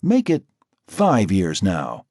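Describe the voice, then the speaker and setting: A man's voice: low-pitched, wildly swooping pitch, takes it slowly, a little mellow, no room sound, studio quality, exaggerated voice. A man voicing a wry, tough undercover cop in an audiobook. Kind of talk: audiobook character voice.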